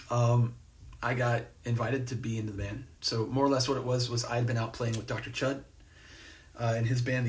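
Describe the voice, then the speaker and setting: A man's voice: medium pitch, distant mic. Laid-back man rambling on a live stream. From New Jersey. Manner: rambling, laid-back, many fillers and restarts. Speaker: host. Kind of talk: casual livestream chat reading comments. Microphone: phone or webcam on a live stream.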